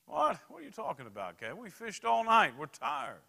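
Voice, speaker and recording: Brief: exasperated, exhausted fisherman, pitched way up and loud, as a preacher plays him, bright tense edge. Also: wildly swooping pitch, normal speed, gravelly, full character voice. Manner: high, loud, pleading. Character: exasperated tired male fisherman disciple. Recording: reverberant church hall.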